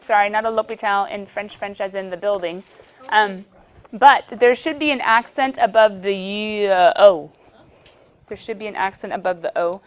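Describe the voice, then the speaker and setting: A woman's voice: mid-range voice, normal speed, clean tone. A woman teaching a math class, chatty and playful, often talking to herself as she works through problems. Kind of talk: classroom lecture. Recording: faint background noise.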